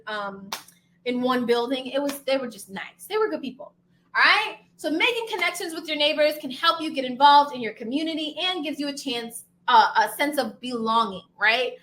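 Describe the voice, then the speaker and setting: High, bright-voiced woman telling stories. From Brooklyn, New York. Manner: animated, slangy, addresses viewers as y'all. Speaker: homebuying educator and channel host. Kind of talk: casual storytelling to camera.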